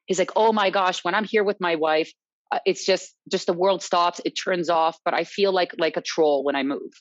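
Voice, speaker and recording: A woman who teaches salsa, telling stories in a casual, animated chat and often checking in with "right?". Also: fairly low pitch, moderate pace, no room sound. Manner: animated, quotes others, tag questions "right?". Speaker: salsa dance instructor, guest. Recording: dull lo-fi dry recording.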